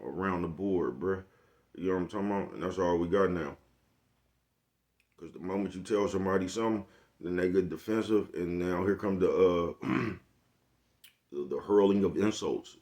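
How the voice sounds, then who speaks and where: Deep-voiced guy vlogging, laid back, swears a lot, keeps asking if u get him. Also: a little mellow. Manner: laid-back, profane slang, keeps checking in with the listener. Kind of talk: casual monologue.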